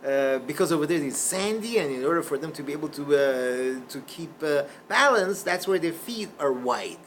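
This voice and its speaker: A man doing a gentle, patient old sage. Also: fairly high pitch, moderate pace, a little hiss or hum. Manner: calm, kindly answers.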